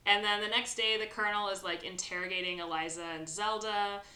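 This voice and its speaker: A woman's voice: mid-range voice, steady tone, brisk, pushed and bright, reverberant. A woman hosting a podcast, casually recapping a film with lots of fillers and quoted lines. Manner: rambling retelling with many fillers and acted quotes. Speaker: podcast host. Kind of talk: casual movie recap chat.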